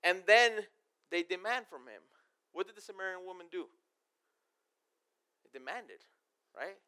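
A man's voice: high voice, moderate pace, long pauses, pushed and bright, smooth. A man preaching a casual sermon, reading scripture verses aloud and then explaining them in everyday, conversational terms. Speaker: pastor.

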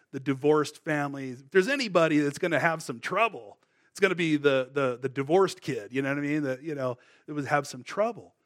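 A middle-aged man preaching, telling his testimony in a casual, rambling way full of fillers and restarts. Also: medium pitch. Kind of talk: sermon with personal testimony.

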